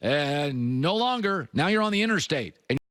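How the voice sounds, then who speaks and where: Middle-aged man, sports radio host, opinionated monologue, very animated pitch, bone-dry studio sound. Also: normal speed, smooth, no room sound. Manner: emphatic, swings between high punchy lines and low confiding tones. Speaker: sports talk show host.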